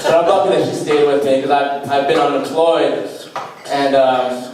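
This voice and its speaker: A young man doing a stand-up comedy set, delivering deadpan one-liners with self-deprecating asides on a small club stage. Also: medium pitch, moderate pace. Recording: echoey club heard from far off. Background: faint beatbox and room noise.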